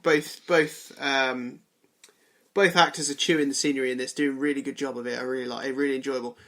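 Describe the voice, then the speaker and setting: Podcast co-host, casual film review chat, medium pitch, enthusiastic. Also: fairly even intonation, fairly quick, a bit bright. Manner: enthusiastic, chatty.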